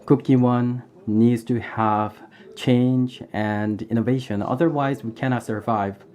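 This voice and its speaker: A man giving a live English interpretation of a formal debate, pausing often with "uh". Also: medium pitch, steady tone, darkish tone. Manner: halting, with frequent "uh" pauses.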